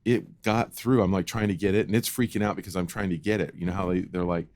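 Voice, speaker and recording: A man co-hosting a podcast, telling a childhood story in an animated, casual way and acting out the voices. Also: deep voice, quick pace, a little hiss or hum. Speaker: podcast co-host.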